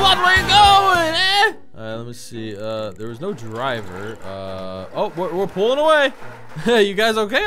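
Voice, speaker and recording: A young man doing excitable, jokey commentary over a video game, reacting loudly and often shouting at what happens on screen. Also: a little high. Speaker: gaming YouTuber. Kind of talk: let's play commentary. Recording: faint game music behind.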